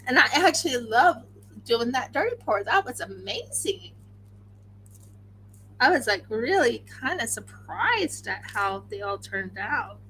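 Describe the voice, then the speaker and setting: A tired woman hosting a crafting livestream, chatting casually and excitably, often talking to herself as she works. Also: fairly high pitch, unhurried, slight background noise, low-quality recording. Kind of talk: casual chat while crafting.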